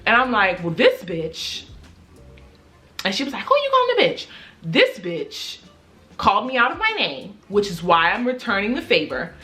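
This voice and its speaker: A young woman from Baltimore tells a personal story with animated, profane flair, and her pitch leaps around expressively. Her voice is bright and forceful, and faint music plays behind her. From Baltimore, USA. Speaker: YouTuber. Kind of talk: storytime vlog.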